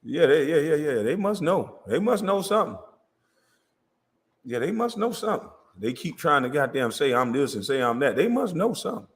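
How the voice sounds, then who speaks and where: A boastful man rants on a comedic livestream, cursing and laughing as he goes. His voice sits a little high and swings widely in pitch. The room around him rings with long reverb. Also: very animated, normal speed. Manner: boastful, profane, laughing often. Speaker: livestream host.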